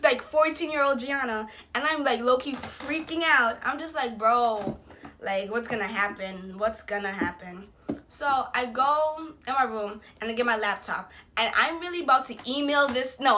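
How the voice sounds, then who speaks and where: A young woman vlogger telling a personal story in a casual, slangy, animated way, acting out what people said. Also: on the high side, noisy background. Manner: slangy, animated retelling with quoted voices.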